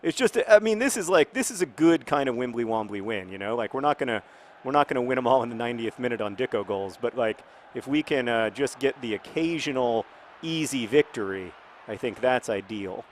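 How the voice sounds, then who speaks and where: A man casually commenting on his football video game in a rambling, jokey way, breaking into excited shouts. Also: mid-range voice, brisk, slight background noise. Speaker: gaming video host.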